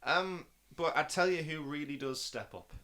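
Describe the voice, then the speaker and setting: A man's voice: fairly high pitch, moderate pace, sharp tone. A man in a casual podcast chat, talking about a film with rambling, enthusiastic gushing. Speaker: film review podcast guest watching for the first time.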